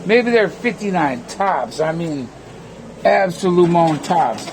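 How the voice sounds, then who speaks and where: Gravelly man ranting profanely. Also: on the high side, animated, slow, background noise. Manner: rambling, profane, jumps between topics. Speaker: vlogger. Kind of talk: casual rant to camera. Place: at his home.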